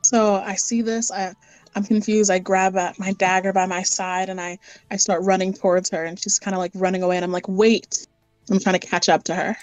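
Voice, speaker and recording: A woman's voice: mid-range voice, level tone, brisk, darkish tone, no echo, faint music behind, low-quality recording. Woman playing a tabletop character. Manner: narrates her character's actions in first person. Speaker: player.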